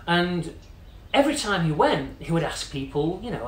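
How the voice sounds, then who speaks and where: A man's voice: on the high side, big pitch swings, moderate pace. A man telling a long story in a chatty, casual way, full of "you know" fillers and quoted voices. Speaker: company CEO telling a story. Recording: echoey room with faint noise.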